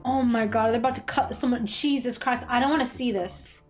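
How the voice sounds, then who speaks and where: A woman's voice: on the high side, lively intonation, normal speed, faint music behind. A woman hosting a reaction video, talking bluntly to the screen with frequent exclamations and swearing. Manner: blunt, swears freely, talks straight to the screen; emotional, exclaims and gasps often. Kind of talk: casual reaction commentary.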